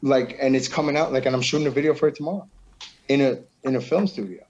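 A man's voice: mid-range voice, fast talker, darkish tone, dull audio. A man talking casually about his music, loose and slangy, swearing and saying bro a lot. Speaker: musician guest. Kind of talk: casual chat.

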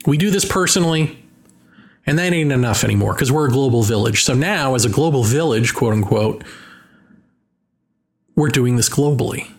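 A man's voice: medium pitch, lively intonation, a little fast. A man talking in a casual monologue, musing and wry, drawing out his points.

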